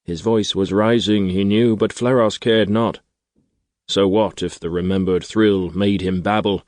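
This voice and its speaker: Male audiobook narrator, low pitch, dry studio sound, measured storyteller. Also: steady tone, a little mellow, no echo. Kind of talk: scripted narration.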